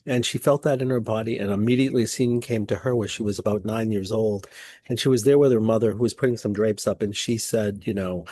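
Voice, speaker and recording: Soft-spoken male therapist, husky low voice. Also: steady tone, quick pace, dry recording. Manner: soft-spoken, reflective, loosely phrased storytelling. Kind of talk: recounting a therapy session.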